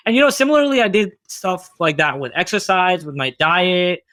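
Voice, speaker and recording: A man's voice: sits high, lively intonation, normal speed, pushed and bright, no room sound. A man speaking as a podcast guest, reflective and casual, full of "like" and "you know". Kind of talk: casual conversational interview.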